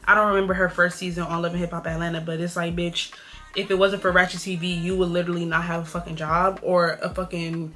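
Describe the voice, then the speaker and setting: A woman's voice: lowish voice, fast talker, faint music behind. A young woman from California chatting bluntly and with plenty of swearing while doing a makeup tutorial. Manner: blunt, profane, animated gossip. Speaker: beauty vlogger.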